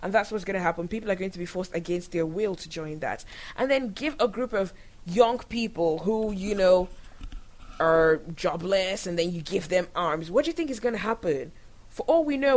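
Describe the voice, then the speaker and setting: A woman from Nigeria hosting her own show, giving candid, animated commentary on the news and laughing often as she talks. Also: medium pitch, moderate pace, rough recording. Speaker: show host. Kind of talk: opinionated commentary monologue.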